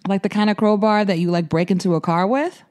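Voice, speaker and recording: A woman's voice: mid-range voice, fairly even intonation, quick pace, darkish tone. A woman co-hosting a podcast in casual chat, curious and asking naive questions. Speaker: podcast co-host.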